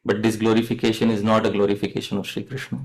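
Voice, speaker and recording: A man's voice: fairly low pitch, little pitch movement, racing, rough recording. A man giving a devotional lecture, often quizzing his listeners and calling them dear devotees, leading chants they repeat. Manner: asks the audience questions, addresses them as dear devotees. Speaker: devotional teacher.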